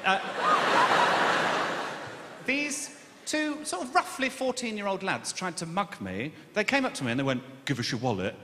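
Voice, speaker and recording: A man from Birmingham doing a stand-up comedy set, camp and self-mocking with a quick delivery. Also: high-pitched, big pitch swings. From Birmingham, England. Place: large echoing live comedy venue. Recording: echoey hall with loud noise.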